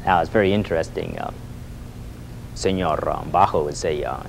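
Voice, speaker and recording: A man teaching a lively Spanish lesson, repeating phrases for students to echo and coaxing them with a questioning "Hmm?". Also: rumbling low, normal speed, creaky, a little hiss or hum. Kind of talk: lively spoken language lesson.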